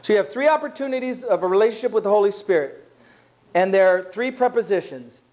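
A man's voice: high-pitched, lively intonation, fast, darkish tone. A man preaching a sermon as a pastor in a church, talking to the congregation in a conversational way. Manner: conversational, acts out quoted voices.

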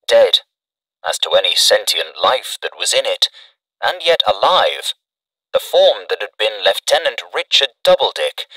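A man giving a measured, dramatic scripted narration of a classic story. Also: on the low side, bright, forceful tone, dry recording, distant mic, low-quality recording.

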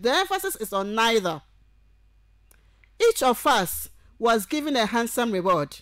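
A woman university lecturer with a fairly high, very animated voice delivers a grammar lecture on the radio from a studio, with no room sound. She goes through examples one word at a time, slowly and deliberately listing them one by one.

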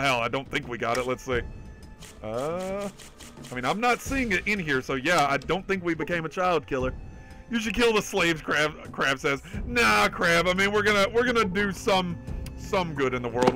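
A man streaming a game live chats casually and excitably, swearing often, reading chat aloud and thanking the viewers who donate. His voice is fairly high-pitched, the recording is rough, and game music plays in the background.

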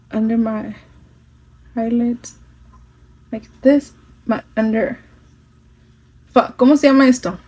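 A woman's voice: fairly high pitch, a little mellow, low-quality recording. Chatty woman. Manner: chatty, switching into Spanish phrases, some swearing. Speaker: makeup vlogger. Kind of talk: casual makeup tutorial chat. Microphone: phone.

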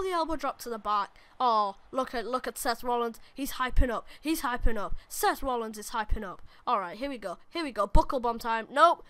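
A young adult woman, rambling and commentating live on her own gameplay, often bursting into excited shouts at the game. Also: sits high, no room sound. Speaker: gaming YouTuber.

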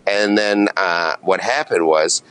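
A man from Canada, a comedian guest, talking in a rambling casual chat with deadpan jokes. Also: sits low, slow pace, smooth.

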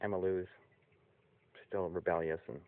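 A man outdoors by a barn talking to his pet foxes and a cat, often cooing at them in a high sing-song voice. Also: fairly even intonation, normal speed. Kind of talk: casual talk to animals. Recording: tinny lo-fi phone-like audio.

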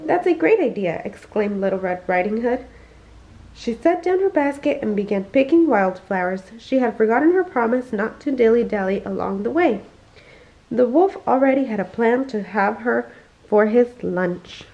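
A woman reading a children's bedtime story aloud, expressive and slowing down for emphasis, on a dull lo-fi recording. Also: a little high. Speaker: family storyteller.

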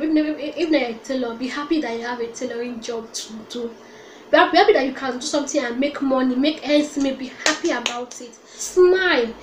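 A woman's voice: high voice, a little mellow, slight background noise. A young woman vlogger giving an earnest, repetitive motivational talk that coaxes the listener along. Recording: echoey room.

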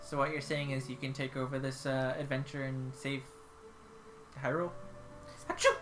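Low-voiced playful young woman gamer. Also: flat delivery, normal speed. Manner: playful and teasing, with silly sound effects and chants. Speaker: player and commentator. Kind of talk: casual gameplay commentary. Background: game music.

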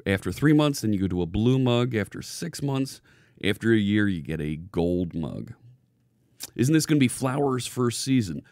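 A man hosting a live coding stream in a casual, chatty way. His voice sits low with plenty of gravelly fry, and the sound is dry and close. He keeps greeting chat viewers by name and restarts his phrases as he thinks aloud. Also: lively intonation, moderate pace, a little mellow, dry recording. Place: home studio with green screen. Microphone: hidden desk microphone.

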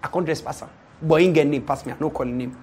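A young Nigerian man, an event MC, tells a comic story in an animated way and acts out the people in it. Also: fairly high pitch, quick pace, slight background noise. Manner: animated, acts out quoted people, often laughs. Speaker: event MC and show host.

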